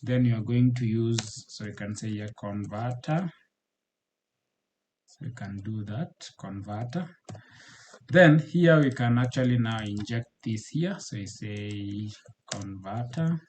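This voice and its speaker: A man giving a screen-recorded coding walkthrough as a programming tutor, often repeating words and pausing with fillers as he types. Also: on the low side, a little mellow, a little hiss or hum. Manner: halting, repeats words while typing, frequent fillers.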